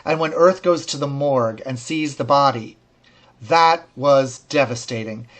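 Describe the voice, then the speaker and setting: A man co-hosting a casual review chat, speaking in an articulate, wry, measured way. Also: medium pitch, a bit bright. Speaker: co-host reviewing a series.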